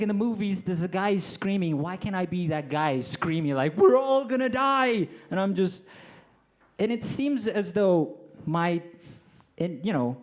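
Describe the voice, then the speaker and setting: A young male comedian in the middle of a stand-up set, his pitch swinging a lot as he tells self-mocking stories. He stumbles and restarts often, and his voice sits slightly high for a man. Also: a little mellow.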